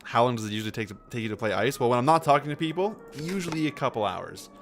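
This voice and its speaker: Male game streamer, mid pitch, lively and animated delivery, playful, quotes lines and laughs. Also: rapid-fire, faint music behind. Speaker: streamer playing a detective game. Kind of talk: casual livestream chat.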